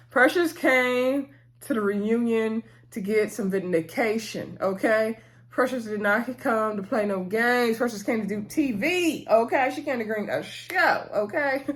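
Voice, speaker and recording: A woman hosting her own channel, giving a chatty, opinionated recap of a reality show with frequent asides to her viewers. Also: fairly high pitch. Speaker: channel host. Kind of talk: casual reality-TV recap commentary.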